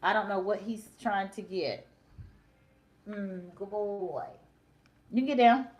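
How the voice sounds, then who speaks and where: A livestream host with a medium-pitched, slightly mellow voice chats briskly and casually with her viewers. She greets them in a sing-song way and speaks directly to them.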